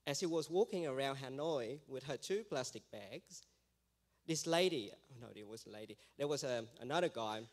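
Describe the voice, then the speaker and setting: A man gives a mission testimony to his church, telling it as a lively story. His voice sits at an ordinary mid pitch. He slips into the voices of the people in his story as he goes.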